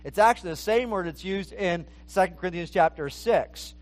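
A man with a notably high voice preaches a verse-by-verse sermon. He talks earnestly and often repeats a word as he restarts a phrase. He speaks in the manner of a pastor teaching his congregation. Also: moderate pace. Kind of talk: expository sermon.

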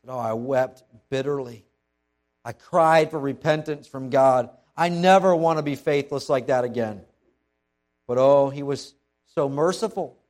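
A humbled apostle Peter , played by a man preaching, speaking in a low, hushed voice. He sounds soft and subdued, with the quiet weight of a man who has been brought low. The voice sits a little higher than most men's. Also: a little slow, soft background music, lightly acted. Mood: remorseful.

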